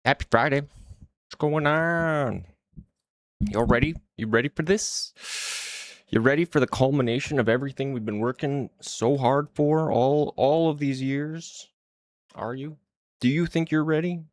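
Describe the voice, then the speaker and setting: A man's voice: medium pitch, unhurried, no echo. A man streaming his indie game development, chatting to viewers in a hyped-up, rambling way. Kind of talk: casual livestream chat.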